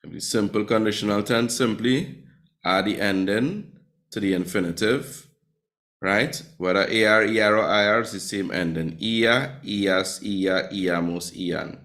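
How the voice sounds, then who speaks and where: A man teaches a classroom lesson with a somewhat low voice. He quizzes his students and keeps tagging "right?" onto his points. His delivery is patient and explanatory. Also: steady tone, unhurried, a bit bright. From Trinidad and Tobago. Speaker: Spanish teacher.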